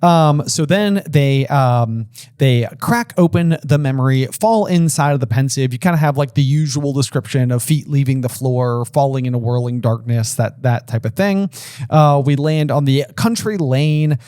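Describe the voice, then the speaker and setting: A man's voice: mid-range voice, normal speed, darkish tone, clean tone, no echo, clean studio sound. A man co-hosting a book discussion podcast, talking casually with lots of fillers and restarts. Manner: chatty, filler-heavy with many restarts. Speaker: podcast co-host.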